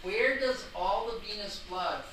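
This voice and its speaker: A man's voice: sits high, measured pace, pushed and bright. A man teaching an anatomy and physiology class, lecturing in a playful, teasing way with rambling jokes. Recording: classroom recording with background noise.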